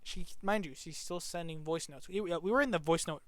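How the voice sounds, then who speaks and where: A man's voice: on the high side, brisk, a bit bright, no echo. A man telling a personal story to the camera in a casual, rambling way, full of restarts and swearing. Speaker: vlogger.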